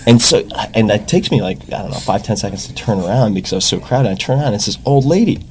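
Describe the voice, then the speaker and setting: Very low-voiced relaxed man. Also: a little hiss or hum. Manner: relaxed, measured, uses "like" as filler. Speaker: podcast guest, author. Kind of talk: casual conversation.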